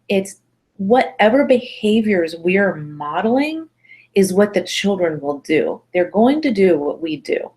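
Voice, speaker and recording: A middle-aged woman parenting instructor talking casually to mothers, chatty and encouraging, acting out little quotes as she goes. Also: fairly low pitch. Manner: chatty, encouraging, acts out quotes with lively voices. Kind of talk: casual webinar talk to mothers.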